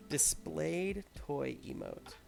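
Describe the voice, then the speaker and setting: A man hosting a casual livestream, muttering quietly to himself as he concentrates on painting a miniature. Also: a little high, extremely slow, vocal fry, soft background music. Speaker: host.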